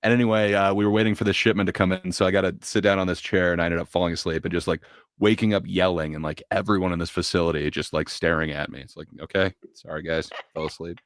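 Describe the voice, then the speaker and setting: A man on a casual livestream panel, telling stories in a relaxed way with fillers. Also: low voice, fast, dry recording, clean studio sound. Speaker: panel guest.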